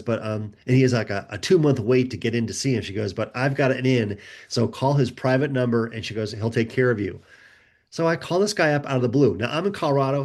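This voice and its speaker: A man, a guest author, telling a personal story in a relaxed conversational way, acting out the people he quotes. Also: medium pitch. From United States. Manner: animated, acts out quoted voices.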